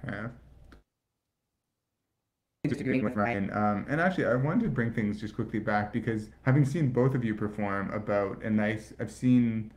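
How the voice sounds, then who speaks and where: A man comedian in casual chat, halting and full of fillers like "like". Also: lowish voice. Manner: halting, filler-heavy, lots of "like". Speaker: comedian guest.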